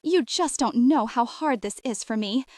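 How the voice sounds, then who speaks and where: A calculating businesswoman laying on a syrupy, put-on Southern drawl, every word dripping with false sincerity, as the woman reading the story puts her on. Her voice swoops and lilts, pitched a little high. The sound is dry and close. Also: animated, a little slow, darkish tone, no room sound. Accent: put-on Southern American. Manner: syrupy, fake-sincere, breathless. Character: scheming middle-aged woman faking Southern sweetness.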